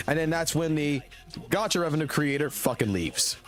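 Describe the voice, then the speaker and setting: A man's voice: a little high, lively intonation, fairly quick. A man streaming games and ranting heatedly, with heavy swearing, in casual talk. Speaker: game streamer. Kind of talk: casual gaming stream rant. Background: faint music.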